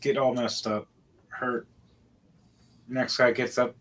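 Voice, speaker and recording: A man narrating a tabletop game as game master, calling out dice rolls and combat turn by turn, with sudden loud outbursts. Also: mid-range voice, little pitch movement, takes it slowly, poor audio.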